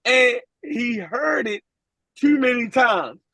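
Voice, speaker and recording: A man's voice: very high-pitched, lively intonation, slow pace, sharp tone, husky, no room sound. A man co-hosting a podcast, arguing his point in slangy, casual chat and asking "you dig" a lot. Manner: slangy, repeats "you dig what I'm saying". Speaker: podcast co-host. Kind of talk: heated casual debate.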